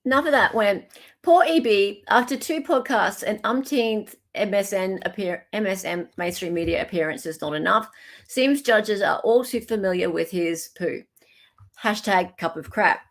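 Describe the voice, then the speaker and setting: A woman's voice: mid-range voice, normal speed. An Australian woman hosting a livestream in casual chat, reading out viewer comments, thanking viewers by name and laughing often. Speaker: livestream host.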